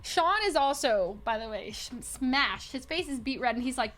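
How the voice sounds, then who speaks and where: Woman, young adult, high voice, animated storyteller, laughs a lot, casual stream chat. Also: normal speed, hardly any pauses. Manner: animated, laughs often, acts out quotes.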